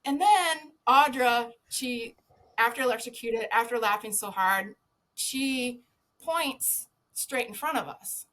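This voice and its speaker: Casting: upbeat woman, slightly high voice, chatty anecdote teller who cusses and laughs through it. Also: takes it slowly. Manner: lively storyteller, swears freely, laughs often. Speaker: podcast guest, former zookeeper. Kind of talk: casual anecdote telling.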